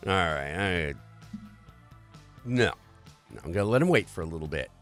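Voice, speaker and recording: Man, stream host, very low voice, lively swooping delivery, profane rambling rant, faint music behind. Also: moderate pace. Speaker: livestream host. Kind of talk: casual political rant.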